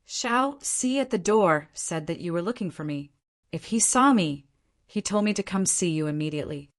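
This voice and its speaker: A woman's voice: on the low side, lively intonation, lightly acted. A woman voicing a humble young escort. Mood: deferential. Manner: respectful, hurried, deferential. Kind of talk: audiobook character voice.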